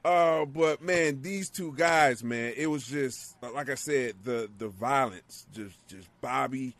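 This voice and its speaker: A man in casual podcast chat, excitable and profane, acting out moments with yells. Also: mid-range voice, slow, no room sound. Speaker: wrestling show co-host.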